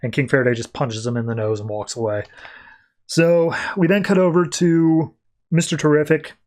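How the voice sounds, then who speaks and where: A man's voice: fairly high pitch, fairly even intonation, moderate pace, darkish tone. A man hosting a podcast, recapping and reviewing comics in a loose, rambling way, often quoting characters offhandedly. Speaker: podcast host.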